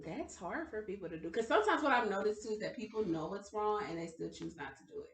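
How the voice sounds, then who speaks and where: Fast, lively, bright-voiced woman. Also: mid-range voice, recorded from a distance. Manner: animated, laughing, swearing. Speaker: podcast co-host. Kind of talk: casual chat. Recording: echoey room.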